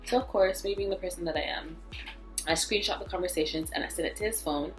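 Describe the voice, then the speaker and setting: Low-voiced woman, blunt storytime vlog. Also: fast talker. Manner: blunt, profane, fired-up storytelling. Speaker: vlogger. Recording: echoey room, faint music.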